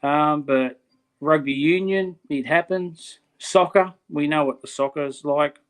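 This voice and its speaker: Here the middle-aged Australian co-host sounds on the high side and speaks a little slowly. The casual podcast talk is blunt and passionate, with plenty of "mate"s.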